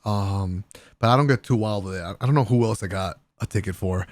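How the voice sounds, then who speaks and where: A gaming content creator telling a casual vlog story about a party, excitable and profane, often laughing and using slang. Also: male voice, fairly low pitch, a little fast, no echo.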